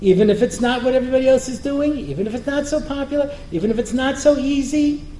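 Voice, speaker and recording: In a very high but dark-toned voice and at a quick pace, a rabbi delivers a joking Torah lecture. He keeps putting questions to the listeners, and the roomy hall carries faint noise.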